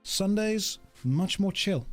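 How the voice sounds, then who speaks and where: A man's voice: high voice, animated, slow, faint music behind. A man chatting casually and jokingly on a game livestream, talking to his dog and to viewers. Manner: chatty, jokey, talks to his dog and chat. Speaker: streamer. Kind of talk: casual livestream chat while gaming.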